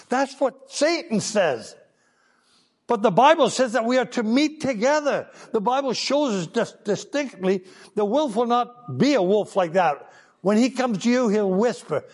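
A man's voice: very high-pitched, a little slow, big-room sound. An older man preaching a children's sermon, telling stories and acting out voices. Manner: animated storytelling, acting out voices.

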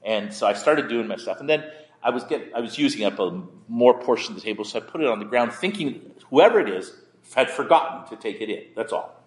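A male pastor preaching in a conversational, candid way, often halting and repeating words as he tells a personal story. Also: mid-range voice, expressive, big-room sound.

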